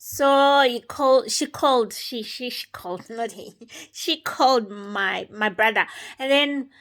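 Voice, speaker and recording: A woman with a somewhat high voice shares her personal testimony. She speaks unscripted and halting, going through events one step at a time. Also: a bit bright.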